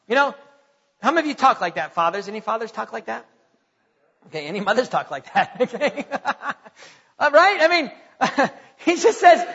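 High-pitched preacher in a reverberant church. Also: male voice, sing-song, a bit bright, breathy edge. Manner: emphatic preaching with repetition and dramatic slowdowns. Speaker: pastor. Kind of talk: sermon. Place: church sanctuary. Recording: dull sound with long church reverb.

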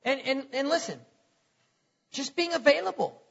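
High, bright-voiced preacher in a hall. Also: male voice, lively intonation, moderate pace, creaky. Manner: conversational, repeats words, chuckles between points. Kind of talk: sermon. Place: church hall. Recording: lo-fi recording in a reverberant hall.

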